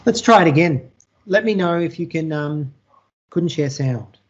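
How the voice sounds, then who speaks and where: Chatty teacher demoing software. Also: mid-range voice, lively intonation, measured pace, slight background noise. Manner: chatty, checks in often with "all right?". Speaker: teacher presenting a workshop. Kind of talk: live online tech demonstration. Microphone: computer mic on a video call. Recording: muffled lo-fi video call audio.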